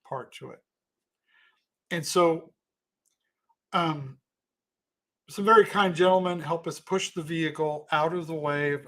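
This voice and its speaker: A man's voice: a little high, fairly bright tone. Rambling man telling a story. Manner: rambling, self-correcting, thanks donors mid-story. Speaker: comedian telling a story on a livestream. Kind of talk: casual storytelling.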